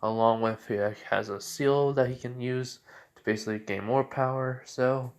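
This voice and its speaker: A man voicing a proud, relaxed adult ninja father in a fan-made story retelling, in nearly his own voice. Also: medium pitch, normal speed, lightly acted. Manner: relaxed, boastful, plain retelling.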